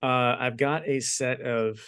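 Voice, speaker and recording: Relaxed man chatting in a dry room. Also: mid-range voice, smooth, no room sound. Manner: easygoing, rambling, quick to laugh. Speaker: podcast co-host and game master. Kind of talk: casual chat.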